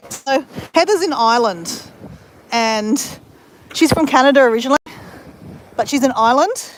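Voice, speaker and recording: Aussie woman rambling to her viewers on a windy beach, kinda high voice, wind blasting the phone mic. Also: fairly quick, a bit bright. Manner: chatty, rambling, answers viewers. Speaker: vlogger. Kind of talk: casual live-stream chat. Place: outdoors on a beach. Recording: wind buffeting the mic outdoors.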